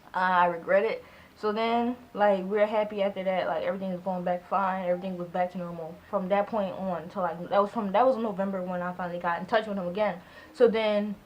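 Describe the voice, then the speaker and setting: A woman in her twenties telling a storytime vlog in a casual, animated way, acting out both sides of conversations and filling her speech with "like". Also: on the low side, muffled recording. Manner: heavy use of "like" as filler. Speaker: vlogger.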